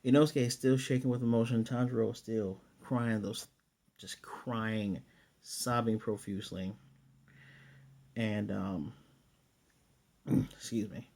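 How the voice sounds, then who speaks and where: A man with a mellow, darker tone talks through an anime episode as a casual reviewer. He rambles loosely, retelling scenes with "he's like" and dropping laid-back slang and the odd swear. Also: on the low side, fairly even intonation, takes it slowly, gravelly, long pauses.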